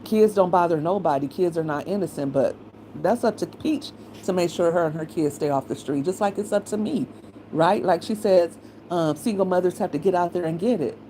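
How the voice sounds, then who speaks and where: A low-voiced middle-aged woman, opinionated and blunt, talking casually straight into the mic. Her tone is frank and conversational. There is a faint hiss of noise under her voice. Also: brisk, warm tone, low-quality recording. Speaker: commentary channel host.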